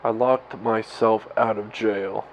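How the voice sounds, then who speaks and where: Speaking to his camera at home, a thirty-something man rambles through a personal story in a candid vlog, cursing and laughing at himself. His voice is on the low side, slow and fairly even in intonation. The camera mic yields slightly dull, lo-fi sound with faint hiss.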